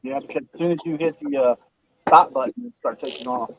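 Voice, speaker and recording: A man's voice: mid-range voice, brisk, muffled recording, background noise. A man chatting casually outdoors while fishing, laid-back as he talks about his gear. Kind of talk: casual chat. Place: outdoors on a riverbank.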